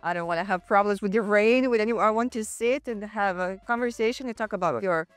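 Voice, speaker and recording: A woman's voice: mid-range voice, a little fast, clean tone, dry recording, faint music behind. A woman hosting a sports TV interview, asking questions in a chatty, friendly way and laughing easily. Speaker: sports TV show host.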